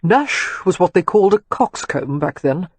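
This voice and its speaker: A woman reading a wry, teasing young gentleman. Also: high voice, big pitch swings, normal speed, slightly rough, dry recording, full character voice. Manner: teasing, confident, reflective. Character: wry, self-assured young gentleman architect.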